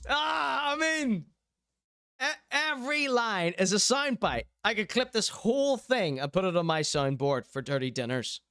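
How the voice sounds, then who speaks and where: A man's voice: sits high, sing-song, a little slow, bright, forceful tone, clear, resonant tone, no echo, soft background music. A man hosting a show, commenting on clips casually and enthusiastically, often repeating himself. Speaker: show host.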